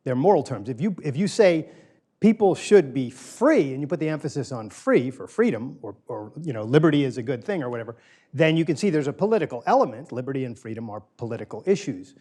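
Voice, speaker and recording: A middle-aged man gives a conversational lecture to a small live group. His voice sits at a medium pitch. He polls the room with questions and restates his key phrases for emphasis. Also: expressive, fast talker, warm tone.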